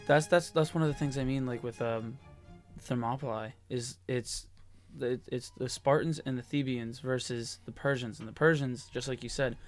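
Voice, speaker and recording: A young man chatting on a podcast at a middle pitch. He rambles through his stories and leans on "like" between his thoughts. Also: steady tone, normal speed, faint music behind. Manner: rambling, fills with "like". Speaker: podcast co-host. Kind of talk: casual chat.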